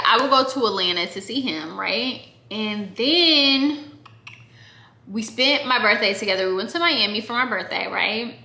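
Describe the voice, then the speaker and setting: A young woman from Oregon chats through a storytime, talking straight to her viewers with lively, animated energy. Her voice sits a little high and sounds bright and sharp. The room around her rings with echo. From Oregon, USA. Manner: chatty, animated, addresses viewers directly. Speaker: vlogger. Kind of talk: casual storytime. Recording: echoey room.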